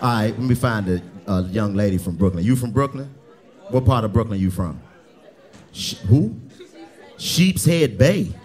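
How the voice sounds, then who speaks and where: A male stand-up comedian roasting the audience with loud, brash crowd work, often yelling and cursing. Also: lowish voice, normal speed. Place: live comedy club ballroom. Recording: live club with crowd noise.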